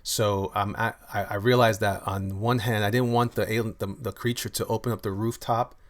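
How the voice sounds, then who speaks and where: A man's voice: fairly low pitch, flat delivery, moderate pace. A man who makes comics chatting casually on a live stream, rambling with many restarts while he shows his artwork and reads viewer comments. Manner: rambling, many restarts and fillers, loose and friendly. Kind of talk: casual livestream chat reading viewer comments.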